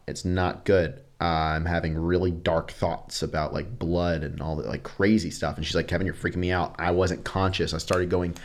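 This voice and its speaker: A man in his thirties, a podcast guest telling a personal story candidly, acting out quotes and swearing casually. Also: sits low.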